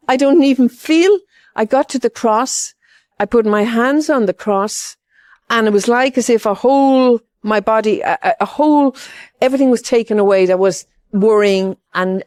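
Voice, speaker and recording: A woman's voice: on the high side, darkish tone, dry recording, clean studio sound. Older woman telling a rambling heartfelt story. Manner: rambling, heartfelt, full of asides. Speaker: pilgrim giving testimony. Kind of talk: personal testimony storytelling.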